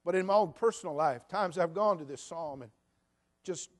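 A man's voice: fairly high pitch, normal speed. A man preaching a sermon to his church, telling a story in a conversational way. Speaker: pastor. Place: church sanctuary.

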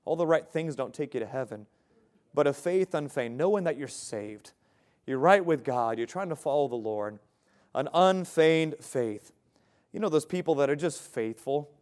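A man's voice: fairly high pitch, animated, moderate pace, a little mellow. A man preaching an evening sermon, earnest and direct, asking the listeners questions and now and then laughing lightly. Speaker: pastor.

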